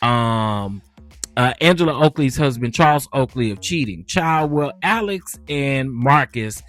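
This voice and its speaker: A man cooking on camera and talking casually, chatty and lively, with a steady stream of "child" and "honey.". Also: mid-range voice, no echo. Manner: animated, chatty, keeps saying child and honey. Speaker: cooking vlogger. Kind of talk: casual cooking and gossip chat.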